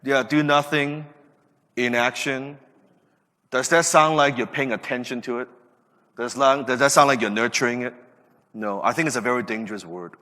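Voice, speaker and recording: A man in his late thirties hosts a podcast, delivering an emphatic motivational talk full of rhetorical questions. His voice is bright and forward. It rings out in a long, reverberant room. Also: medium pitch, steady tone, moderate pace, long pauses. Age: late 30s. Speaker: podcast host.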